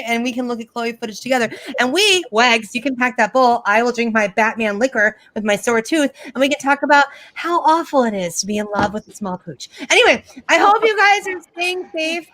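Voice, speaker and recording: A middle-aged woman doing a sarcastic stand-up comedy set over a video call, with animated storytelling and mocking impressions. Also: high-pitched, dry recording.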